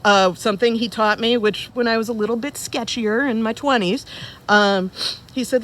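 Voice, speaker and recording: A woman in her forties giving a eulogy for her father at a funeral service, telling funny stories in a relaxed, conversational way to the people gathered. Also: on the high side, moderate pace. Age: 40s. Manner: conversational, humorous storytelling. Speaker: eulogist, daughter of the deceased.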